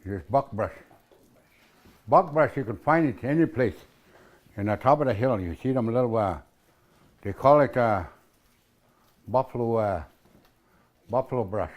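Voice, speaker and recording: A man's voice: mid-range voice, animated, unhurried, long pauses, lo-fi sound. A man teaching a language class in a casual way, repeating words and spelling them out, often asking "eh?".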